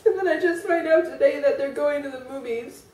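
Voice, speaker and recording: A woman with a high voice pours out a personal confessional vlog, rambling and emotional, her talk full of fillers. She sounds a little away from the mic in an echoey room. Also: brisk, a little mellow, recorded from a distance, a little hiss or hum. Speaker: vlogger.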